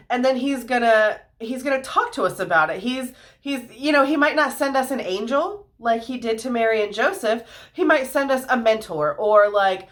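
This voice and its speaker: A woman giving a casual Bible lesson for kids, retelling the story in everyday slang and talking to the viewers in a relaxed, chatty way. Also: on the high side. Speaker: youth Bible teacher.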